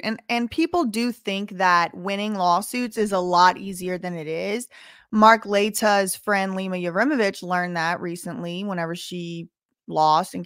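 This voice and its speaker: A woman's voice: medium pitch, a bit bright, no room sound. Woman doing skeptical live-stream commentary, dry close sound, mocking doubtful claims.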